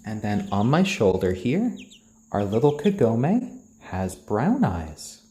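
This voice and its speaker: Brief: male live-stream host, gentle and soothing, mellow low tone, roomy echo, faint crickets behind. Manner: soft, slow, soothing voice used to calm the chickens. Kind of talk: casual live-stream chat, reading out viewer comments. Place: indoors, roomy.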